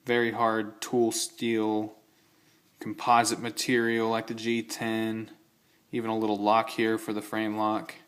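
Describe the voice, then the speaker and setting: Low-voiced man rambling about his knives. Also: completely flat delivery, a little slow. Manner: rambling, self-correcting, enthusiastic asides. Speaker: knife collector showing his gear. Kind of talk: casual show-and-tell vlog.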